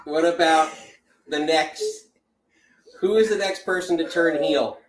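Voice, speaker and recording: A male host speaks loudly and laughs often, his voice pitched a little high. He sounds far from the microphone in a roomy, echoing space with faint noise behind him. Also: a little slow. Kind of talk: casual chat. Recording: roomy and distant from the mic.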